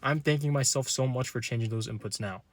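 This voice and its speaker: A man's voice: mid-range voice, quick pace. A young man giving an earnest, personal motivational monologue to camera, repeating himself for emphasis and pressing harder as he goes. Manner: earnest, repetitive, building to urgent emphasis. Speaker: vlogger.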